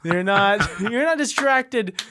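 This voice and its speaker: A man's voice: high-pitched, lively intonation, slow pace, noisy background. Giggly young man playing a clumsy actor. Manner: goofy, eager, giggly. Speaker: podcast co-host. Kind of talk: improvised comedy sketch, playing a nervous actor.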